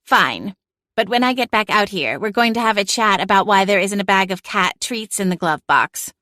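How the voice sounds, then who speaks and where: A woman voicing a sassy, vain talking female cat in an audiobook, imperious and sharp-tongued. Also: medium pitch, expressive, normal speed, no echo, studio quality. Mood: bossy. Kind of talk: audiobook character voice.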